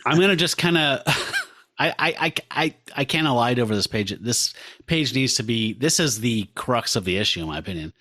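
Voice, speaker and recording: A man's voice: mid-range voice, expressive, normal speed, pushed and bright, no echo, studio quality. A man co-hosting a comic-book podcast, reading captions aloud and cursing with delight between pages. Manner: profane, enthusiastic, laughs while reading. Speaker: podcast co-host.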